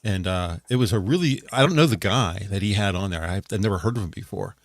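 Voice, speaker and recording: A low-pitched man co-hosting an online talk show, chatting in a loose, rambling way with lots of restarts. His voice sounds close-miked and dry. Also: fast talker, dry recording. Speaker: podcast co-host. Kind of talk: casual chat.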